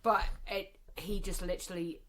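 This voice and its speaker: A woman's voice: on the low side, steady tone, sharp tone. A woman, co-hosting a casual podcast chat and reacting chattily. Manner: chatty, quick with short reactions. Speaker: podcast co-host. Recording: noticeable background noise.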